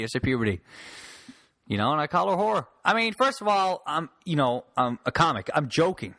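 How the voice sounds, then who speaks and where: A man's voice: on the high side, sing-song, a little fast, bright, forceful tone, no room sound, clean studio sound. A man from Newfoundland, a comic, rambling and swearing through a casual solo podcast. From Newfoundland, Canada. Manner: rambling, profane, joking. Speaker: podcast host and stand-up comic.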